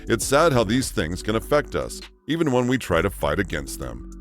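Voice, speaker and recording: A man's voice: on the low side, very animated, normal speed, soft background music. A man narrating a scripted countdown of celebrity stories.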